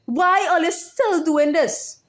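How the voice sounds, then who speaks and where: A woman's voice: extremely high pitch, takes it slowly, a bit bright. A woman YouTuber speaking in an impassioned monologue, heated and profane, repeating her phrases over and over.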